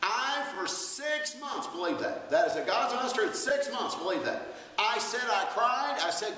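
A man in his fifties delivers a sermon in a high, bright voice, talking in a folksy, conversational way with laughing asides. He is picked up from a distance, and his voice rings around a large church hall with a long reverb. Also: moderate pace. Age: 50s. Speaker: pastor. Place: church sanctuary. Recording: roomy church hall from far off.

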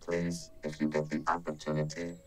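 A man voicing a courteous resort receptionist in a very deep voice. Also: completely flat delivery, moderate pace, over loud music. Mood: polite. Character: polite male resort receptionist.

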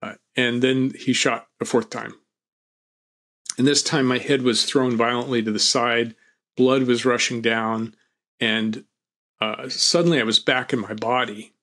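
Male interview guest, mid-pitched, calm reflective storytelling, wry. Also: a little slow. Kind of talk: personal storytelling.

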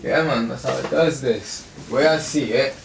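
A man playing a gravelly, laid-back studio guy. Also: mid-range voice, normal speed, far from the mic, noisy background, natural voice. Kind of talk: indie street film acting.

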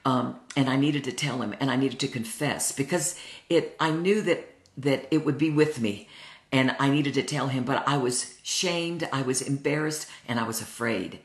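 A woman's voice: extremely low pitch, normal speed. Earnest woman in her sixties teaching. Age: 60s. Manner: earnest, heartfelt personal storytelling. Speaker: Bible study teacher. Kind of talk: Bible study teaching. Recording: roomy echo.

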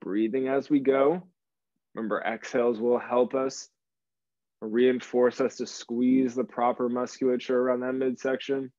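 A man's voice: medium pitch, flat delivery, measured pace, mellow, no echo, dull audio. A man leading a live online core workout class, giving encouraging coaching cues while slightly out of breath. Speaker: fitness instructor.

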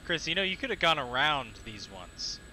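Lively man on noisy voice chat. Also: a little high, normal speed. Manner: joking, blunt. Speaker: squad pilot. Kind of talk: casual gaming voice chat.

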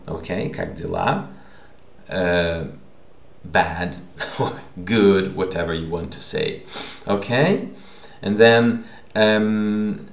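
A man teaching a lesson in a slow, patient way, repeating each word and checking in with the listener. His voice is low and gravelly, with a lively, rising and falling pitch. The recording is echoey, as if made in a bare room. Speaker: language teacher.

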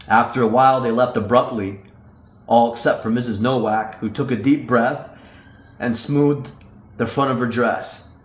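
A man narrating his own novel in a steady, measured way. His voice sits at an ordinary middle pitch. The recording carries a noticeable room echo. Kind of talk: audiobook narration.

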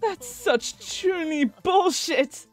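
A woman's voice: extremely high pitch, expressive, drawn-out words, exaggerated voice. A woman voicing a theatrical young male mad scientist, declaiming in a grandiose way in a visual novel reading. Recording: faint music behind.

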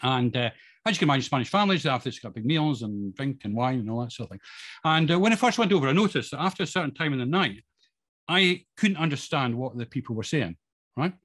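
A middle-aged Scottish man talks quickly and informally to an audience, walking them through slides. He rambles, fills pauses with plenty of ums, restarts sentences and pokes fun at himself. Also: mid-range voice, very animated, fairly bright tone. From Scotland. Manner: self-deprecating humour. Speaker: guest speaker.

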